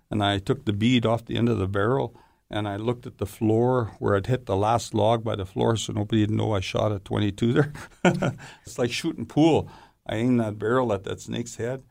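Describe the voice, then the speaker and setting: A stunt performer in an interview, telling long rambling stories in a casual way and often saying "you know". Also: male voice, fairly low pitch, gravelly, a little mellow, no echo, studio quality.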